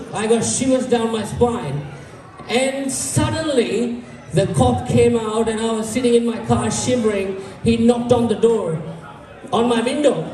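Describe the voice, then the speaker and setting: A man's voice: extremely high pitch, mellow. A man with an Indian English accent doing a stand-up comedy set, telling stories and acting out the voices of the people in them. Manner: storytelling, acts out quoted voices. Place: community hall with live audience. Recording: echoey hall, voice from far off.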